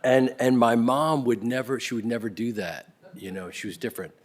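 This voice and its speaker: A middle-aged man giving a spoken tribute, telling stories about his parents, sometimes loud and laughing, sometimes soft and close to a whisper. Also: mid-range voice, steady tone, normal speed. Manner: swings between loud laughing bursts and soft near-whispers. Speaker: eulogy speaker.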